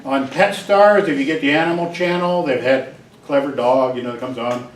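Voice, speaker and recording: A man's voice: medium pitch, normal speed. A man giving a university psychology lecture, digressive and joking, acting out examples with barks and little voices. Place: lecture hall. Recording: echoey lecture hall from a distance, faint noise.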